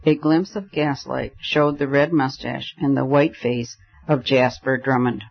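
A man reading a story aloud as audiobook narrator, in steady storytelling delivery. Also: mid-range voice, measured pace, vocal fry, highs cut off. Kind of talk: scripted narration.

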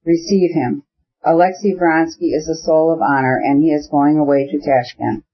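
A man reading the part of a fashionable, ironic society princess in an audiobook, with a smooth, knowing manner. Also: sits low, fairly even intonation, normal speed. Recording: dull lo-fi audiobook recording.

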